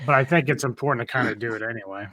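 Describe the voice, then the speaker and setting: A male co-host in a casual movie chat, his voice bright and forward, recorded close and dry with no room sound. He drops in quick asides as the others talk. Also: medium pitch, no room sound.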